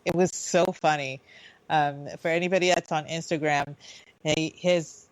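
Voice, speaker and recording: A woman's voice: sits low, fairly even intonation, unhurried, dry recording, low-quality recording. A woman co-hosting a radio talk show, chatting casually with frequent restarts and easy laughter. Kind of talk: casual chat.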